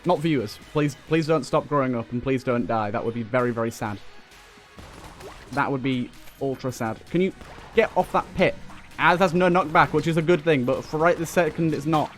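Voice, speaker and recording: A young man giving excitable running commentary while playing a video game, talking back to enemies on screen. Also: on the high side, normal speed. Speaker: let's play host. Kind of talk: gameplay commentary. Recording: faint game music behind.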